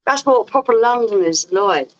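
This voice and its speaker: Brief: woman, a little high-pitched, teasing and chatty, muffled lo-fi stream sound. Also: animated, moderate pace. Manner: teasing, chatty, talks to viewers. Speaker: livestream co-host. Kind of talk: casual chat.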